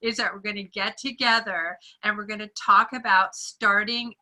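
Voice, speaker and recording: Woman telling a story in a meeting, really bright voice, gets lively and does little voices for people. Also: mid-range voice, moderate pace, poor audio. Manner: animated storyteller who acts out quoted voices and laughs often. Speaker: meeting participant. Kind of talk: sharing a personal story in a group meeting.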